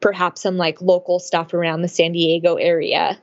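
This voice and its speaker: Fairly low-voiced woman on dull audio. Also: normal speed, no room sound. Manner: relaxed, uses lots of fillers like "like" and "um". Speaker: guest, domestic violence advocate. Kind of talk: casual interview chat.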